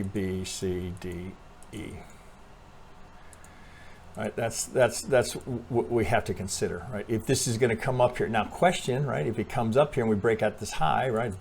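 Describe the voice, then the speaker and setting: A man's voice: on the low side, moderate pace, gravelly, a little mellow, slight background noise. A man hosting his own trading channel, walking viewers through charts in a rambling, casual monologue full of curses, restarts and "right?", now and then coughing from allergies. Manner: rambling, profane, self-correcting, talks to viewers with frequent "right?".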